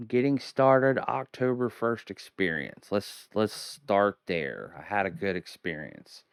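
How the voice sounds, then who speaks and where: A man's voice: fairly low pitch, clean tone, dry recording, clean studio sound. A young man hosting a horror movie review from home, hamming it up as a spooky showman between rambling, casual asides. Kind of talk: theatrical solo video review. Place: home at night.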